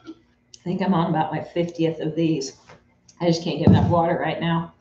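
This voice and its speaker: A woman's voice: deep voice, steady tone, normal speed, warm tone, a little hiss or hum. Chatty woman greeting stream viewers. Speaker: live sewing stream host. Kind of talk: casual live-stream chat. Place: home sewing studio. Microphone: camera mic in the room. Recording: roomy, slightly dull sound.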